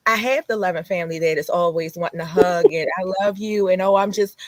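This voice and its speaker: A woman's voice: fairly low pitch, brisk, no echo. A woman in her thirties speaking as a podcast guest, blunt and casual, laughing between lines. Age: 30s. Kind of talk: casual chat.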